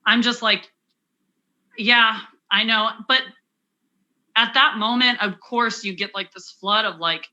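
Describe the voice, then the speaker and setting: A woman's voice: on the high side, takes it slowly, pauses often, sharp tone, dull audio. A young adult woman telling a personal story as an interview guest, candid and conversational, with many fillers and restarts. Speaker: interview guest, cancer survivor.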